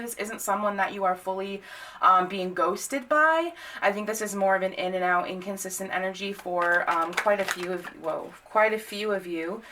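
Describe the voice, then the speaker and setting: A young woman with a bright, clear, medium-pitched voice does a casual tarot reading to camera. She's chatty and loose, full of ums and restarts, and turns blunt and sweary when something annoys her.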